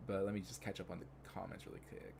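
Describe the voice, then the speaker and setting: Young man, low voice, casual live-stream chat, rambling, filler-heavy, excitable. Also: fast, gravelly, background noise.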